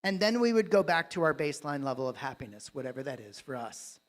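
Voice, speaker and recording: A man giving a keynote talk on a live conference stage, telling a story with dramatic swings between loud and hushed delivery. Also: on the high side, very animated, fast. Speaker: dentist and coach, keynote speaker.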